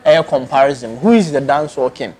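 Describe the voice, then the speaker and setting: A man's voice: medium pitch, a little fast, darkish tone, husky. A man interviewing a guest, asking short questions and giving brief prompts. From Ghana.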